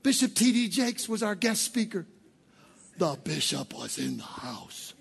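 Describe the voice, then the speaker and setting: A man preaching a sermon as pastor, rising to shouted peaks and dropping into playful, joking asides. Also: high voice, sing-song, a little slow, creaky, slight background noise.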